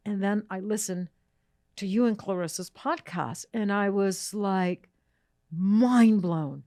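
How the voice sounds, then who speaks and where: A woman's voice: medium pitch, slow, warm tone, no echo, studio quality. A woman hosting a podcast, talking in a chatty, enthusiastic way with many fillers and restarts. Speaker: podcast host. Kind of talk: casual podcast chat. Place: recording studio.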